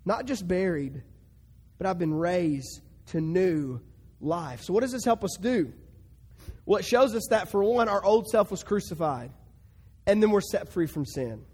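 A male pastor delivers a sermon with a notably high voice, swinging between hushed, drawn-out lines and sudden loud emphatic bursts. His words ring out with a long reverb tail, as if in a large hall. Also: lively intonation, slightly rough.

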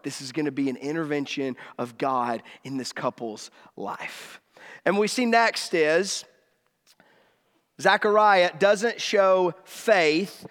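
High-voiced preacher in a reverberant hall. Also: male voice, fairly bright tone. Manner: conversational preaching, acts out quoted dialogue with shifts in pitch. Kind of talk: sermon.

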